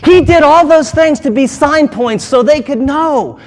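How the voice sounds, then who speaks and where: High-voiced preaching man in a reverberant hall. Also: unhurried, darkish tone. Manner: emphatic, conversational preaching with dramatic asides. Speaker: pastor. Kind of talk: sermon.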